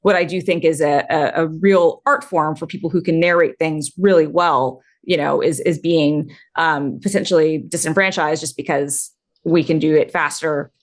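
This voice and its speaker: Female panelist, low pitch, casual and hedging, lots of you-knows. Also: steady tone, normal speed. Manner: thoughtful, hedging with many fillers. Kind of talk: casual tech panel chat.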